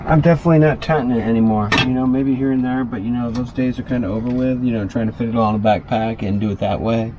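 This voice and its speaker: A man's voice: mid-range voice, fairly even intonation, quick pace, hardly any pauses, noisy background. A man chatting loosely through a casual cooking vlog inside his small RV, full of fillers and asides.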